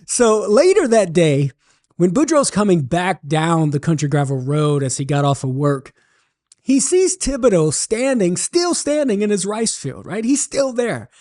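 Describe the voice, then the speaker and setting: A man from southern Louisiana with a Cajun accent, hosting a religious radio talk show as an animated storyteller. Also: sits high, a little slow. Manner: animated storyteller, jokes and laughs. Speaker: radio show host, apologist.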